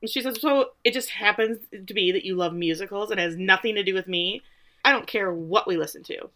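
A woman co-hosting a podcast, recapping a TV episode in a casual, animated way and acting out the characters' lines. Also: mid-range voice, a little fast. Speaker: podcast co-host.

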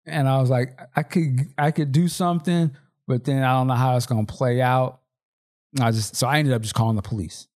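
Podcast co-host, man, casual slangy storyteller, middle pitch. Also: animated, moderate pace, a little mellow. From Seattle, Washington. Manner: storytelling, slangy, acts out dialogue. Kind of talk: casual chat.

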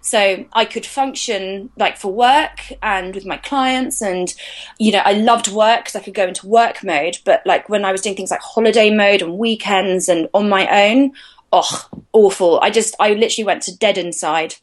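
A woman's voice: mid-range voice, normal speed. A woman in her thirties, a podcast guest, telling a personal story candidly in a chatty, hesitant way. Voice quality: chatty, hesitant, many fillers and restarts.

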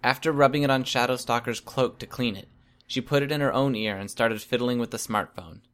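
A male storyteller reading a first-person story aloud. His pitch sits in an ordinary middle range. The delivery is steady and even from line to line. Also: fairly quick, clear, resonant tone. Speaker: audiobook reader.

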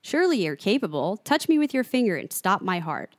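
A woman voicing a defiant old man who laughs off and mocks a tyrant, reading it out slowly. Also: mid-range voice, breathy edge, dry recording, studio quality. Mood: taunting.

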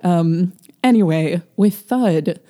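A woman in casual conversation about a novel, animated and laughing often, slipping into mocking quoted voices. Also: fairly low pitch, slow pace. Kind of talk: casual book discussion.

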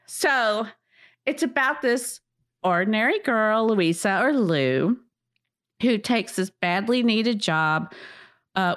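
A woman co-hosting a casual book chat, animated and dramatic, often exclaiming. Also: medium pitch, smooth. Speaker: co-host.

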